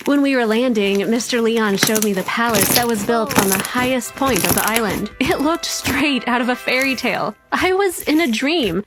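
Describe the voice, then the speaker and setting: A woman narrating a first-person story in a wide-eyed, excited way. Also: fairly high pitch, moderate pace, hardly any pauses, faint music behind. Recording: loud clicking noise behind.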